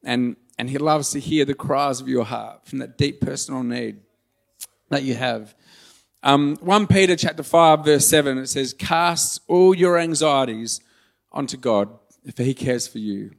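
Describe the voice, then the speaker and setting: A man's voice: mid-range voice, unhurried, vocal fry. A man preaching a sermon in a church, earnest and conversational, turning emotional and joking at his own expense. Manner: earnest, emotional and conversational, with self-deprecating humor. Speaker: pastor. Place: church hall.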